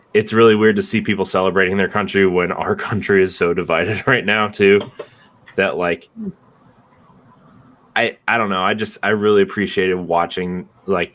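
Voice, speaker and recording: Low-voiced young man rambling. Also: fairly bright tone. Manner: rambling, many restarts and "like"s. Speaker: podcast co-host. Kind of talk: casual chat.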